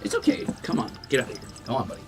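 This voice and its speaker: A man's voice: mid-range voice, huge pitch swings, racing, over loud music. A young man streaming, talking to and scolding his cats in a playful, teasing way. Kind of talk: casual chat with pets on stream. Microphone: desk mic.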